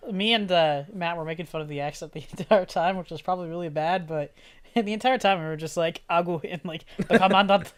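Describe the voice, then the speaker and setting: Mid-pitched co-host, easygoing podcast banter, laughs a lot. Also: quick pace, smooth. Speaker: co-host of a movie review podcast. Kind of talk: casual conversation, movie review.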